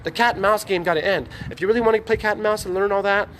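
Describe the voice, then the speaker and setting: A man ranting in a rambling, profane, preachy vlog monologue, talking excitedly to his phone camera. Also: high-pitched, rapid-fire, a little hiss or hum. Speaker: vlogger. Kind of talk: rambling selfie-video monologue. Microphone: phone on a tripod.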